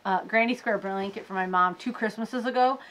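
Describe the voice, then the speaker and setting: A woman hosting a crafting podcast, chatting casually with her viewers about her projects, laughing often and poking fun at her own slow progress. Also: mid-range voice, a bit bright, slight background noise. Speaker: crochet podcast host. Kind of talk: casual show-and-tell chat.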